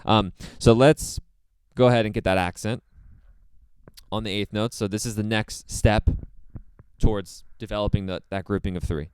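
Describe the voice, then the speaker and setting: A man teaching drums, explaining a practice method step by step in a relaxed way, with many fillers. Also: on the low side, moderate pace, clean tone, no echo. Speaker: drum teacher. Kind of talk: casual instructional talk.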